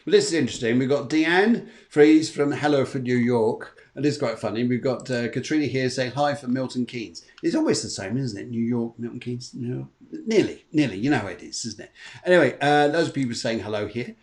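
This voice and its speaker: A man's voice: medium pitch, lively intonation, fairly quick. A man hosting a live streamed show as a medium, chatting and greeting viewers by name in a casual way. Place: home in Spain.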